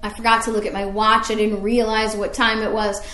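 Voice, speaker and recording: A woman's voice: medium pitch, flat delivery, brisk, sharp tone, roomy sound, pitched below the performer's own voice, close to an everyday voice. A woman voicing a careless colonial rider who rambles out lazy excuses. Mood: mocking. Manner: mock-casual, rambling, joking. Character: breezy, careless colonial man making excuses.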